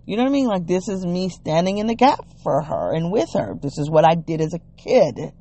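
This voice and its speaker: A vlogger telling a personal family story in a reflective way, retelling what people said in animated quotes, with frequent "you know"s and restarts. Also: mid-range voice, fairly quick.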